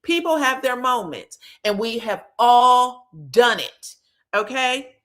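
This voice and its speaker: A woman's voice: a little high, takes it slowly. A woman giving a casual gossip recap of a reality show, acting out the cast's lines with frank cursing. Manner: animated, acts out quotes, frank cursing.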